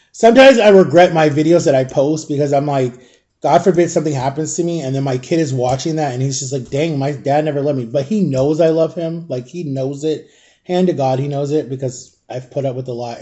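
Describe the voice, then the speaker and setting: A middle-aged man tells a rambling story in a casual vlog, stopping often to clear his throat or cough. His voice sits a touch high but sounds mellow and warm. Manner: chatty, swears casually. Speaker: vlogger.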